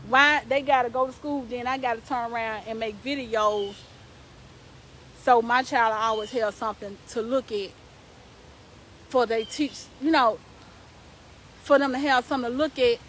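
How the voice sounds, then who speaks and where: A young woman with a slightly high voice talks straight to her live-stream viewers like a preacher. She drives her points home by repeating lines and pressing them hard. A faint hiss of background noise sits under her voice. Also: fairly even intonation, moderate pace, a bit bright, poor audio. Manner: emphatic, repetitive, preaching to viewers.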